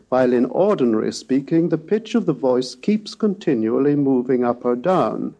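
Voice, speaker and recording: A man giving a recorded scholarly lecture, speaking in a measured, precise way and demonstrating pitch glides aloud. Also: mellow.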